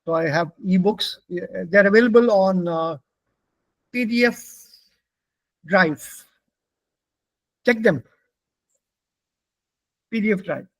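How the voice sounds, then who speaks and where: High-voiced Indian man teaching pronunciation. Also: no room sound, poor audio. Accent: Indian English. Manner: patient, repeats words slowly for students. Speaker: German language teacher. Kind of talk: online class teaching pronunciation.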